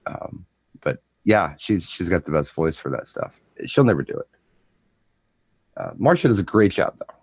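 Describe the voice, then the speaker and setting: A man with a fairly low voice chats casually about his work as a DJ. He rambles and repeats himself as he talks. The recording sounds dry and close, with no room echo. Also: big pitch swings, a little mellow, breathy edge. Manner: rambling storyteller, repeats words, breaks into quick impressions. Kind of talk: casual chat.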